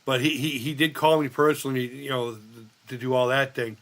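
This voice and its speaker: A man's voice: medium pitch, fairly even intonation, brisk, fairly bright tone. A middle-aged man, hosting a casual live chat and telling rambling, profane stories while reading chat aloud. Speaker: livestream host.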